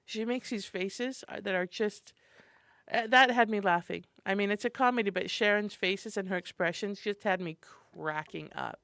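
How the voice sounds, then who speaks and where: A woman's voice: medium pitch, normal speed, gravelly, fairly bright tone, no echo, studio quality. A woman co-hosting a morning radio show, cheerfully running through a list of community events. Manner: chatty and enthusiastic, reading a calendar. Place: radio studio. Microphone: studio microphone.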